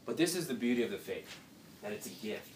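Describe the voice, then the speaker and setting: Talking fast with big swings in pitch, this young man's lowish voice carries a laid-back Bible lesson full of rhetorical questions and playful asides. It's recorded from afar in an open-sounding room with a little background noise.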